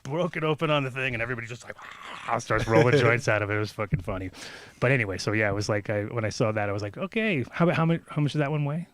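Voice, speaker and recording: A man in casual talk-show conversation, spinning a long, rambling story. He swears freely and slips into little voices for the people he quotes. His voice sits at an ordinary middle pitch. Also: fast, a bit bright.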